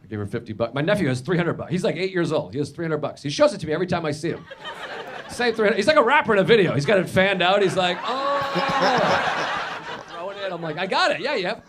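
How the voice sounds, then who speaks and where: A man's voice: high-pitched, animated, very fast, fairly bright tone. A man performing a stand-up comedy routine, telling exaggerated stories in a sardonic way. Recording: noisy clip played back in a reaction video.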